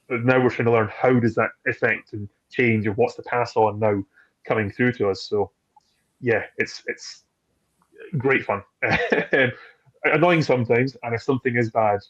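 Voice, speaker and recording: Man, rambling chatty storyteller, mid-pitched voice, dull lo-fi call audio. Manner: rambling, animated storytelling with acted-out quotes. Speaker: guest from a whisky distillery. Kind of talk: casual chat.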